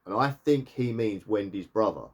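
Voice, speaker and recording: A man talks through a TV episode in a loose, chatty recap. His voice sits a little on the low side, and he rambles and catches himself mid-sentence. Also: animated, breathy edge. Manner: rambling, chatty retelling with quick self-corrections. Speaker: TV reviewer.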